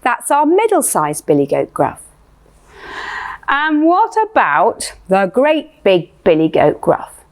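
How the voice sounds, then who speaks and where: A woman's voice: mid-range voice, huge pitch swings, slow. A woman leading a playful music lesson for young children, asking sing-song questions.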